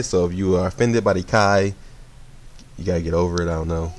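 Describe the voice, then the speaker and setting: A sleepy young man talks through a card game in a low, deep voice, loose and rambling and often correcting himself mid-sentence. A faint hum sits under his voice. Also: a little fast. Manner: relaxed, rambling, self-correcting. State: sleepy, yawning. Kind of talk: casual gameplay commentary.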